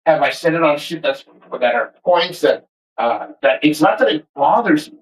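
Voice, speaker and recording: A man ranting to camera in a passionate, energetic, heavily profane way, rambling and restarting as he makes his points. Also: on the high side, normal speed, poor audio. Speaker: vlogger. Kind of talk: casual rant to camera.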